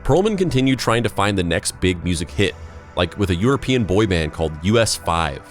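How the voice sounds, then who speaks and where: A man's voice: sits low, big pitch swings, a little fast, soft background music. A man hosting a podcast, chatting casually with rambling, profane talk and reading narration parts. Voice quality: rambling, profane, filler-heavy. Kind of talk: casual chat and read narration.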